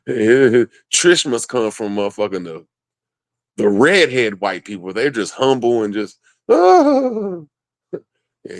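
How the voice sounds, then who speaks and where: A man's voice: lowish voice, dry recording. A man in casual chat, talking loosely with lots of swearing and frequent laughter. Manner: loose, joking, heavy swearing; laughs often between lines.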